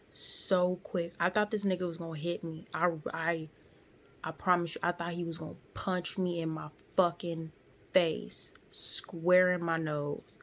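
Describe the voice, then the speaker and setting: A young woman telling a painful personal story in her car, candid and tearful, with lots of slang and fillers. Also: on the low side. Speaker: vlogger.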